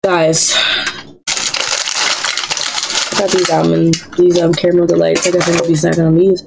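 A woman's voice: on the low side, little pitch movement, normal speed, vocal fry, noisy background. A woman streaming a life simulation game, chatting in a playful, teasing way and talking back to the characters in slang. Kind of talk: playful live gameplay commentary.

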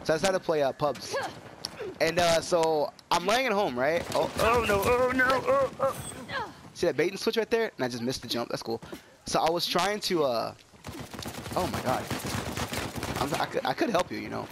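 Young dude with a cold gaming, voice jumps all over, loud gunfire behind. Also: male voice, on the high side, normal speed, creaky, long pauses, noisy background. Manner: excitable, yelps and trails into chatty stories. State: sick with a cold, coughing. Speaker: gaming YouTuber. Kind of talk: casual gameplay commentary. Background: game gunfire.

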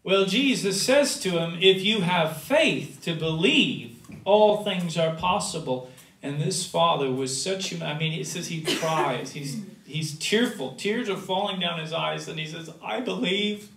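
Male pastor, fairly high voice, slow deliberate sermon delivery with loud bursts and hushed drops; recorded from a distance in an echoey sanctuary. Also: lively intonation, gravelly. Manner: preaching with sudden loud rises and quiet drops. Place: church sanctuary.

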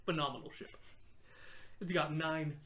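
A woman's voice: low-pitched, a little slow, fairly bright tone. A young woman co-hosting a casual history podcast, explaining with enthusiasm and frequent laughter. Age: young adult. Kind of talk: casual chat.

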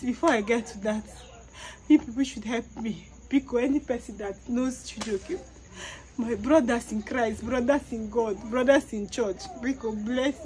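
A woman's voice: fairly high pitch, dark tone. A woman with a Nigerian accent, crying as she desperately begs and repeats herself in a public appeal. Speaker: mother pleading publicly.

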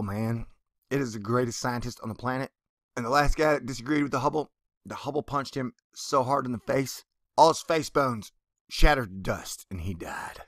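Gravelly sarcastic man hosting a vlog. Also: mid-range voice, fairly bright tone, dry recording, studio quality. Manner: sarcastic, joking asides; reads article passages aloud and mocks them. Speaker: news commentary host. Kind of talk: casual comedic commentary.

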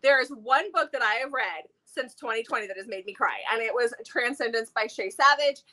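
A woman's voice: on the high side, brisk, bright, forceful tone. A woman in her thirties, co-host of a book channel, chatting casually and enthusiastically about books. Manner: enthusiastic, talkative, laughs often.

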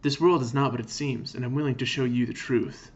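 A man reading the lines of Neo, a cryptic man who mutters about truth, in a slow, solemn way, on a dull home mic. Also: medium pitch, steady tone, close to an everyday voice.

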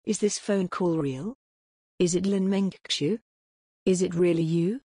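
Woman reading naive excitable young man, husky, lowish, dry audiobook sound. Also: unhurried, no room sound. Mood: cheerful.

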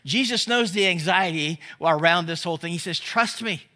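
Bright, high-voiced male pastor preaching. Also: fairly quick. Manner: conversational, asks the crowd questions. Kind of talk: sermon. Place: church service.

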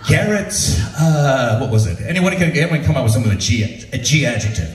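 A male comedian telling stand-up stories in an animated way, often laughing at his own material. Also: medium pitch, fairly quick, slight background noise. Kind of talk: stand-up storytelling. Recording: roomy, from far off.

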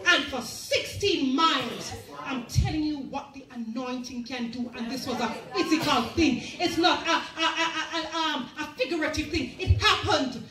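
A woman's voice: sits high, moderate pace, pushed and bright. A woman preaching a sermon, telling a story and acting out its people in their own voices. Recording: echoey church hall, mic at a distance.

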